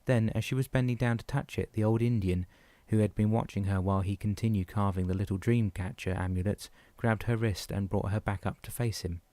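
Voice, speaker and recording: A man reads a novel aloud in a steady, even manner, his voice low and mellow. The recording is dry and close. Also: fairly quick, hardly any pauses, dry recording. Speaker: audiobook narrator. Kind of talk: audiobook narration.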